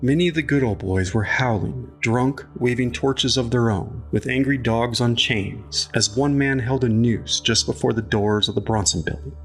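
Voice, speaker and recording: A man narrating an audiobook chapter in a measured, even storytelling manner. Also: medium pitch, faint music behind.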